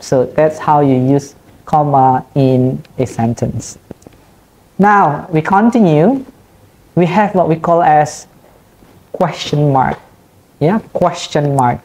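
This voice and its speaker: A woman lecturer with an Indonesian accent, explaining punctuation in a recorded online class and repeating each example slowly. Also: low voice, a little mellow.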